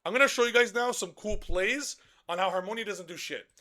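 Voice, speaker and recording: A brash man rants through a card game deck guide, swearing freely and getting louder as he gets worked up. His voice sits high and has a bright, forceful edge. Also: brisk. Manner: profane, brash and excitable, shouting at times. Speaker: card game content creator.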